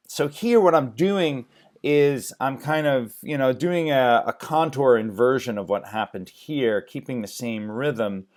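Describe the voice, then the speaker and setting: A man teaching music theory in a screen-share lecture, thinking aloud with many ums and restarts. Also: mid-range voice.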